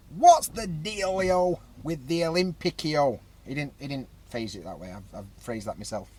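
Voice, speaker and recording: A man hosting a podcast, ranting in a casual, sweary, comedic way. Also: fairly high pitch. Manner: animated, swearing, dialect phrasing. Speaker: podcast host.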